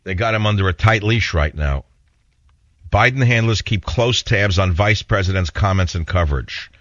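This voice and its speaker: A man's voice: deep voice, a bit bright, no echo. A man hosting a radio talk show, telling stories in a rambling, indignant way and taking calls. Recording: dull lo-fi radio broadcast.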